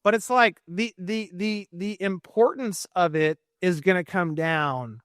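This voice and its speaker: A man as an interview guest, ranting heatedly with lots of swearing and fast bursts. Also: sits high, fairly bright tone, no echo, clean studio sound. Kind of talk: casual interview talk.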